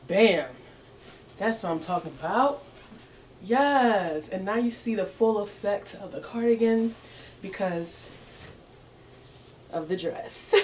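A woman's voice: medium pitch, a little mellow, a little hiss or hum. A young woman hosting a casual clothing try-on haul, sassy and playful, laughing often as she talks to her viewers. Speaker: fashion vlogger.

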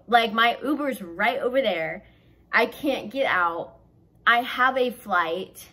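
A young woman from the South tells a storytime vlog in a chatty, animated rush, leaning on "like" at every turn. Her voice sits a little high and sounds bright and clear. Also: slow pace. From American South. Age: young adult. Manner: chatty and animated, heavy use of "like". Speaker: vlogger.

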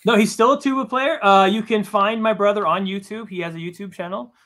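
Bright, stammering male interview guest. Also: sits high, brisk. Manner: stammering restarts, chatty and self-deprecating. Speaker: comic book writer as guest. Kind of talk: casual interview chat.

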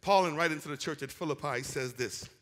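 A male pastor preaching a lively sermon, calling out to the congregation and swinging from quiet asides to loud shouts. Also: on the high side, fairly quick, big-room sound. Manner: animated preaching with call-and-response, rising to shouts. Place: church sanctuary.

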